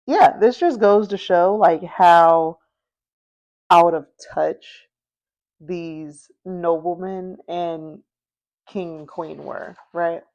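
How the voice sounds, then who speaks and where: A woman's voice: lowish voice, drawn-out words, a little mellow, muffled recording. A woman hosting a history podcast, telling the story in a chatty, casual way, full of fillers and checking in with her listeners. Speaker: podcast host.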